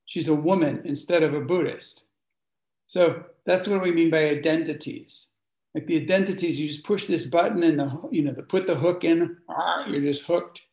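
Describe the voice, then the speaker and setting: Guy running a workshop, kinda high voice, chatty, quizzes the room, echoey space. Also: moderate pace, a little mellow. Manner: conversational, asks the audience questions. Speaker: workshop leader. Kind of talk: informal teaching talk to a group.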